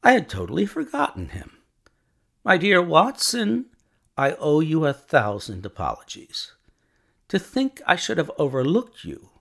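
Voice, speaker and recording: A man voicing Sherlock Holmes, a brisk, ironic, triumphant detective, in a crisp, amused manner. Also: fairly low pitch, sing-song, a bit bright, full character voice.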